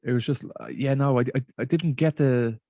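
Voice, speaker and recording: A man, a comedian guest in casual chat, halting and repeating words, colloquial and swearing. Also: mid-range voice, vocal fry, mellow, dry recording.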